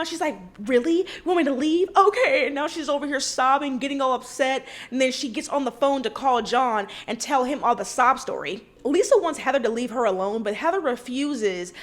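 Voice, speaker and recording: A high-pitched woman chats through a reality TV recap in a casual, sassy way. She gives her opinions bluntly and calls out the people on screen directly. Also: moderate pace, few pauses. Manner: opinionated, sassy, talks straight to the cast.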